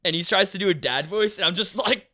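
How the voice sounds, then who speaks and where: A young man, a podcast guest, telling a story in a casual, animated way, swearing often and acting out what people said. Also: sits high, fast talker. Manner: animated, swearing, acts out quotes.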